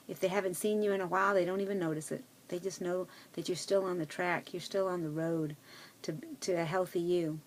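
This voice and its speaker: A woman's voice: fairly low pitch, fairly even intonation, a little fast, slight background noise. A middle-aged woman talking to her viewers in a casual personal vlog, chatty and rambling, with many fillers and restarts. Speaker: vlogger.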